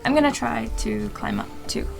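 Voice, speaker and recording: A woman's voice: a little high, normal speed, vocal fry, music in the background. A woman playing in a tabletop game, hesitant, with lots of ums. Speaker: player. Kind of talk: casual tabletop play.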